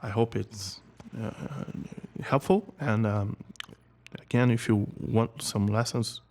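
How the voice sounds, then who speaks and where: A man's voice: lowish voice, slow, darkish tone. A man teaching singing in a casual video lesson, often repeating words as he talks, and now and then singing short example notes.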